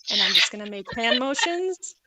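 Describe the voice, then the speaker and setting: A woman's voice: on the high side, very animated, normal speed, noisy background. A woman playing a tabletop game online, casual and apologetic. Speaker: player.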